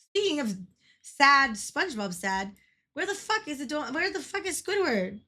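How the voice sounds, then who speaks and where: A woman's voice: high voice, sing-song, moderate pace, pushed and bright. A woman streaming a game, chatting casually with viewers, giggling often and swearing freely when she gets worked up. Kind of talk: casual livestream chat.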